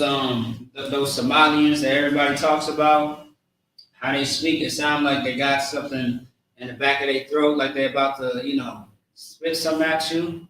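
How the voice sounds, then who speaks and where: A man giving a casual, slangy lesson on words, spelling them out slowly. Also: mid-range voice, fairly bright tone. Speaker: teacher of a language class. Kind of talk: informal lesson with a live chat. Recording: echoey room, far from mic, faint noise.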